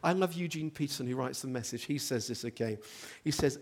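A man's voice: mid-range voice, brisk. A man preaching a sermon, telling a story with animation and asking the congregation questions. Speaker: pastor.

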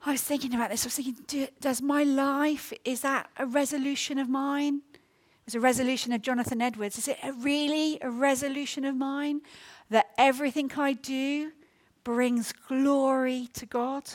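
Middle-aged woman preacher, fairly high voice, earnest and heartfelt sermon delivery in a church. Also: steady tone, normal speed. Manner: earnest, personal, emotional storytelling with fillers.

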